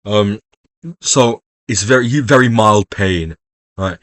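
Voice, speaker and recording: A man's voice: lowish voice, slow pace, a bit bright, no room sound. A young man giving casual, jokey exam revision talk, rambling and swearing freely. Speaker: revision video host.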